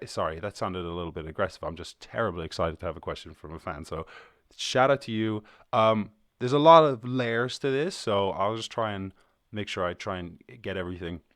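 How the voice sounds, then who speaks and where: Irish guy in his 20s, deep voice, rambly podcast chat, dry close sound. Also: fairly quick, a bit bright, dry recording. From Ireland. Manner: rambling, loose and profane, restarts mid-sentence. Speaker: podcast host. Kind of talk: casual chat.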